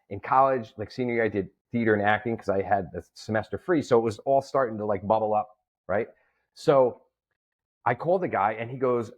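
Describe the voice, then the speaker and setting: A man who is a comedian and promoter tells a story during a casual interview as a guest, playing out the voices of each person in it. His voice is mid-range and the audio is dull. He's an animated storyteller.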